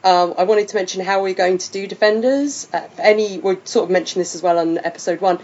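A woman's voice: mid-range voice, fairly even intonation, fast, a little mellow, lo-fi sound. A British woman hosting a podcast in casual chat, rambling with many fillers. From Britain. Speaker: podcast host.

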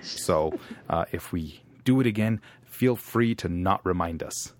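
A podcast co-host chatting casually, slow and halting with fillers. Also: low-pitched. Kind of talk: casual chat.

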